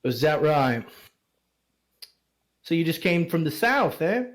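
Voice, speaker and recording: A man voicing a gruff, suspicious male city guard who mocks the travelers at the gate. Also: fairly high pitch, big pitch swings, takes it slowly.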